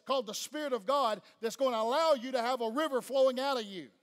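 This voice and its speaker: A man's voice: extremely high pitch, fast, hardly any pauses. A man with a Southern US accent preaching a sermon fervently, pressing the congregation with questions. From Tennessee. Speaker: pastor. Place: church sanctuary. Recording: long church-hall reverb.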